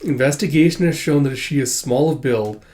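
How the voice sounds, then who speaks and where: A man's voice: on the high side, moderate pace, a little mellow. A man casually reading and summarizing a comic chapter aloud, loose and conversational, with many fillers. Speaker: comic reader. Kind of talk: casual comic read-through.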